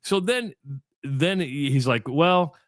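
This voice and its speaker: A man's voice: on the high side, slow pace, no room sound. Man, middle-aged, from iowa, radio co-host, chatty storyteller, dry booth mic. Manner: rambling, animated storyteller acting out both sides of a chat. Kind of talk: casual storytelling on sports radio.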